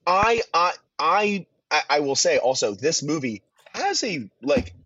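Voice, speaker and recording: A man with a highish, sing-song, sharp voice speaks unhurriedly as a podcast guest. He rambles through his thoughts on a film in casual review chat, restarting sentences and swearing casually. The sound is dull, dry and lo-fi.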